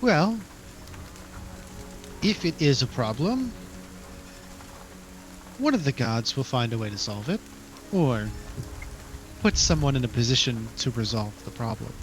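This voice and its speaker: A man's voice: medium pitch, big pitch swings, unhurried, long pauses. A man role-playing at a tabletop game, speaking earnestly and reassuringly in character. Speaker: player. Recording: background music.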